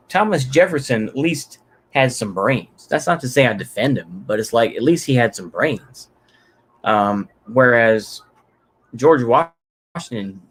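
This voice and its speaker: A man from Texas giving unscripted solo political commentary, rambling and profane, with many fillers and restarts. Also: mid-range voice.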